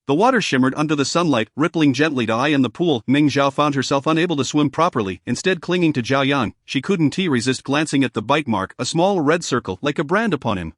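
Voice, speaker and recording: Steady male audiobook narrator. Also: mid-range voice, fairly quick, hardly any pauses, dry recording, clean studio sound. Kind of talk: audiobook narration of a romance novel.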